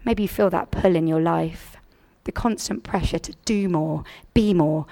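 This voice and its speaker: A woman's voice: fairly low pitch, unhurried, gravelly, mellow. A woman in her thirties from England, speaking to a church congregation and sharing a personal testimony in an earnest, conversational way with frequent restarts.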